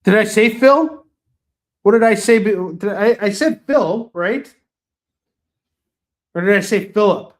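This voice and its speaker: This man runs a live shopping broadcast, addressing viewers by name in easygoing chat and selling items amid jokes at his own expense. He talks a little slowly and leaves long pauses.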